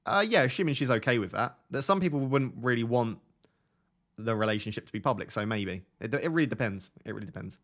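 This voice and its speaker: Chatty young man with a softened Essex accent. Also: mid-range voice, expressive, quick pace. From Essex, England. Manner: chatty, laughs often, reads chat questions aloud. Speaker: fantasy football streamer. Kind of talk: casual live-stream chat.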